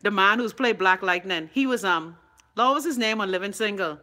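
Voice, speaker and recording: A woman's voice: medium pitch, normal speed, sharp tone. A middle-aged Bahamian woman co-hosting a show, chatting casually with a sassy, bossy teasing manner. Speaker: radio co-host. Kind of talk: casual chat.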